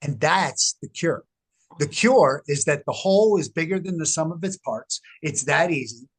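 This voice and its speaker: A middle-aged man speaks as a guest on an interview, his voice sitting a little higher than most men's. He tells his story in an animated, emphatic way and leans hard on key words. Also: moderate pace, slightly rough. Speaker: guest, researcher. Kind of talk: casual interview talk.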